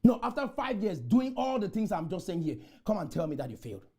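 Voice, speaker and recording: A man from Cameroon, giving a motivational conference speech full of repeated chants that burst into shouts. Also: sits high, sing-song, a little fast. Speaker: motivational speaker. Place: conference room.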